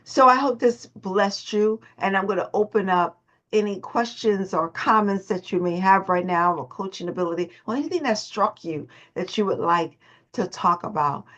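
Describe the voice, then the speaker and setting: This host and voice coach runs a motivational morning call in a mid-range, fairly bright voice at normal speed. She's emphatic and repeats her phrases, and the call audio sounds dull and lo-fi.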